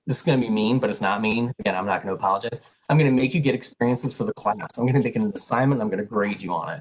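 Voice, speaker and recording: A man's voice: medium pitch, a little hiss or hum, poor audio. A middle-aged man advising prospective pre-health students, talking in an earnest, emphatic and direct way. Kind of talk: info session talk to prospective students.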